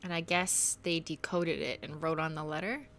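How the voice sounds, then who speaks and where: A young female streamer chats her way through a game, joking and reading along. Her voice sits a little low but rings bright and forceful, with a teasing, playful edge. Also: steady tone, moderate pace. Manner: playful, jokey, slips into mock accents. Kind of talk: live gameplay commentary, reading in-game letters aloud.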